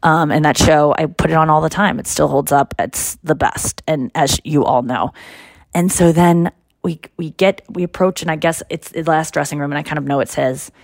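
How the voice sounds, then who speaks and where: A woman hosting a podcast, chatting casually and telling a story with lively, loud quoted voices. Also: deep voice, normal speed, gravelly, no room sound, studio quality. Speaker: podcast host. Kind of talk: casual chat.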